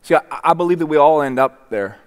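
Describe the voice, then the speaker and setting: A man's voice: a little high, lively intonation, quick pace, clean tone, big-room sound. A man preaching a sermon in a church, reading scripture and then speaking earnestly, often repeating and restarting words. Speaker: pastor. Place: church sanctuary.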